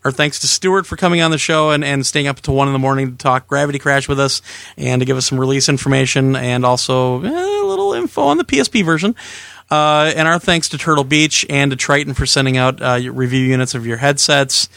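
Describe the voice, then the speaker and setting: Gravelly, chatty podcast host man. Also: mid-range voice, fast talker, fairly bright tone, dry recording, clean studio sound. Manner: loose, chatty, with fillers and restarts while thanking guests and sponsors. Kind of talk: casual podcast sign-off.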